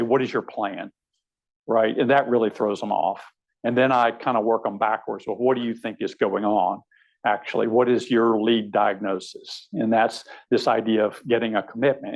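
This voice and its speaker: A man's voice: medium pitch, highs cut off. A man, a surgeon, giving a conversational teaching lecture, wry and anecdotal with frequent fillers. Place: lecture hall.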